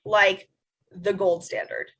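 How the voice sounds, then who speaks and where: A young woman co-hosting a podcast in casual chat, animated and sarcastic. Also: medium pitch, a little hiss or hum, low-quality recording. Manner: animated, sarcastic, quick bursts. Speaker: podcast co-host.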